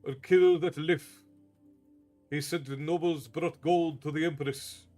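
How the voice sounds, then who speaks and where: Volatile bandit chief played by a man, angry and threatening, slightly high pitch. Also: steady tone, slow, darkish tone, soft background music. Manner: angry, near rage. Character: thin male bandit leader with a violent temper.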